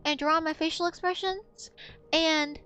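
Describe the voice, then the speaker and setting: Young woman, streamer, very high voice, casual chat, swears a lot, gasps and squeals. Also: steady tone, a little slow, a bit bright. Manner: swears freely, gasps oh my god, shrieks with laughter.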